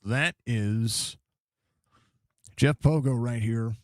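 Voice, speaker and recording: A man's voice: medium pitch, drawn-out words, slight background noise. Chatty male sim racing streamer. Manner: chatty, greets viewers by name between race calls; excited outbursts at crashes. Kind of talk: casual live-stream race commentary.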